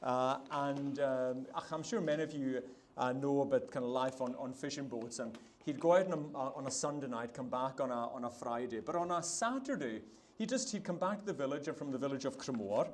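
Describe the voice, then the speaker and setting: A baker from the Isle of Lewis in Scotland, with a Hebridean accent, chats and spins a yarn with laughs while cooking on a food festival demo stage. His mid-range voice runs a little fast, and there's slight hiss or hum.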